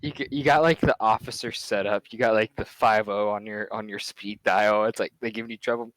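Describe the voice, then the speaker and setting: A man's voice: on the low side, fairly even intonation, normal speed, fairly bright tone, dry recording, poor audio. Laid-back young man, dry sound. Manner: laid-back, says "dude" often, laughs easily. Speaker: podcast co-host. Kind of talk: casual chat.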